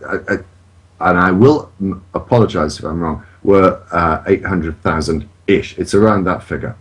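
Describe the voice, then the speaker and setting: A man's voice: sits low, normal speed. A man on a podcast, talking in an indignant, emphatic way and swearing freely. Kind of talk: casual chat.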